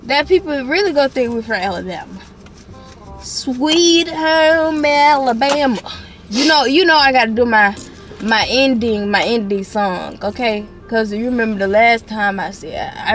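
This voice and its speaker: A woman's voice: mid-range voice, moderate pace, a bit bright, faint music behind. A young woman teasing her friend in a playful, slangy casual chat. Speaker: vlogger's co-star.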